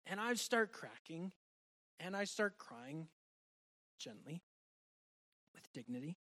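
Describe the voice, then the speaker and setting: A man preaching a sermon and sharing a personal testimony, earnest and heartfelt, moving between loud and soft delivery. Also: on the high side, big pitch swings, slow.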